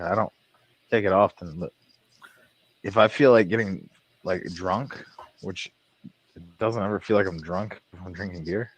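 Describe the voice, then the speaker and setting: A man's voice: low-pitched, moderate pace, long pauses, fairly bright tone, poor audio. A man in casual conversation who talks loosely, swears, and laughs often. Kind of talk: casual chat.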